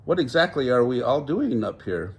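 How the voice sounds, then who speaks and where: A man's voice: medium pitch, big pitch swings, normal speed, husky. An older man voicing a polite, cheerful young boy who tries to sound grown-up. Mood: earnest.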